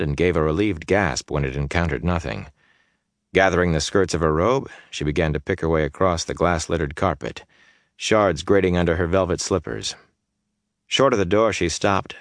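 A man narrating a fantasy audiobook in a measured, steady storytelling way. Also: a bass voice, no room sound, studio quality.

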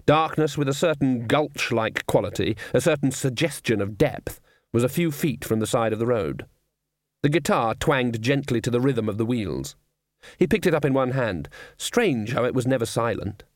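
A man narrating an audiobook in a measured, even reading with dry humour. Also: medium pitch, dry recording.

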